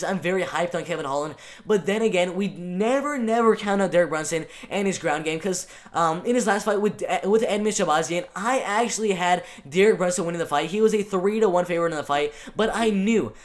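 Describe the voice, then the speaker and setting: Young man, excitable, high voice, quick, casual fight predictions. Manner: excitable, many ums and restarts. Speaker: MMA channel host.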